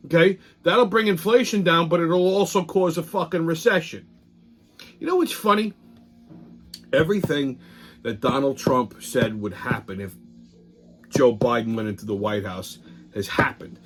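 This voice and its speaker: A man's voice: on the high side, normal speed, long pauses, soft background music. A man hosting a weekly political commentary show, ranting in a profane, heated, sarcastic way, rambling and restarting his sentences.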